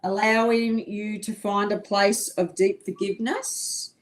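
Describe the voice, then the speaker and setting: A woman reads a passage aloud in an unhurried, careful way. Her voice is mid-pitched, and she takes her time over each phrase. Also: little pitch movement. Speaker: co-host. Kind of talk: reading a crystal description aloud.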